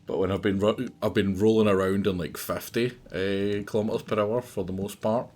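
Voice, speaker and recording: A man's voice: fairly low pitch, steady tone, moderate pace, few pauses, a little mellow. A man chatting casually while streaming a factory game, musing with many fillers. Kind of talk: casual gaming chat.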